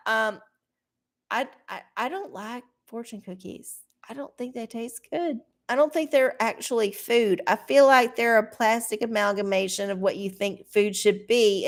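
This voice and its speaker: Blunt, profane woman rambling on a livestream. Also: fairly high pitch. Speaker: livestream host doing oracle readings. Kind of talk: casual rambling livestream chat.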